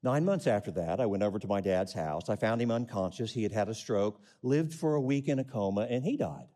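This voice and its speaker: A man's voice: fairly low pitch, animated, brisk, warm tone. A middle-aged man preaching a sermon, reading scripture and asking the congregation questions with rising emphasis. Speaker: pastor.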